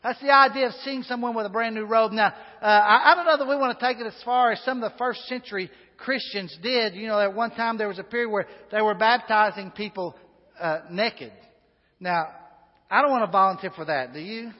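A man's voice: high-pitched, a little fast. A man preaching a sermon in a church, folksy and chatty, with asides and fillers. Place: church sanctuary. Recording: dull sound with long hall reverb.

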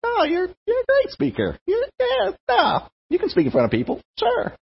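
A man putting on a high, patronizing falsetto voice for a condescending male deity, in a sing-song tone. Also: huge pitch swings, moderate pace, vocal fry, heavily acted. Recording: echoey hall, dull lo-fi sound.

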